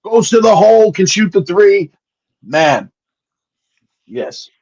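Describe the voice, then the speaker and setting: A man talking as a sports betting analyst in casual chat, excitable, swearing and rattling off stats. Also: high-pitched, slow pace, dull audio.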